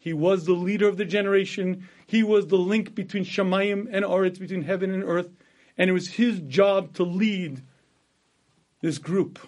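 A man with a fairly high voice gives a slow, deliberate sermon that retells a Midrash. He quotes each Hebrew line and then translates it, pausing often to clear his throat. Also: fairly even intonation, darkish tone. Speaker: Torah teacher.

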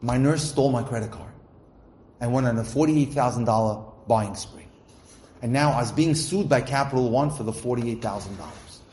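A man's voice: mid-range voice, moderate pace, darkish tone. A middle-aged man giving a religious lecture, telling a story and translating Hebrew phrases into English as he goes. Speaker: Torah teacher. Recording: echoey room with faint background noise.

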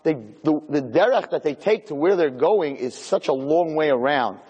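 A man's voice: fairly high pitch, normal speed, slightly rough, long reverb tail, muffled recording. A man giving a humorous lecture to an audience, telling stories and acting out the scenes. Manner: animated storyteller, acts out scenes. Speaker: lecturer giving Torah classes.

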